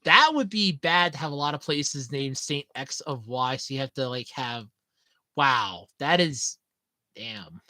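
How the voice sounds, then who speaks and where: A woman's voice: rumbling low, measured pace, no room sound. A young woman chatting casually with viewers, telling stories and often breaking into laughter. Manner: giggly, animated storytelling with frequent laughs. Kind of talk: casual chat.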